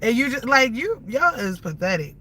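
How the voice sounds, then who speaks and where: A livestreamer in her thirties curses and rants heatedly at viewers while driving, with faint car noise in the background. Her voice is a little high and sing-song with a sharp tone, at a moderate pace, and the recording is rough.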